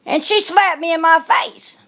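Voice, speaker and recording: A woman's voice: very high voice, steady tone, a little slow, a bit bright. A woman telling a personal story in a blunt, emphatic way, repeating herself for stress. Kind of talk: emotional storytelling monologue.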